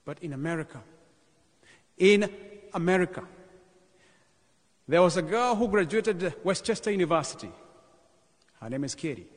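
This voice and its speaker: A man from Kenya in his thirties gives an animated sermon, retelling his own mission story and drawing in the congregation. His voice sits a little high for a man, and a long church reverb trails behind each phrase. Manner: animated testimony, calls to the congregation. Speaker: parish mission speaker.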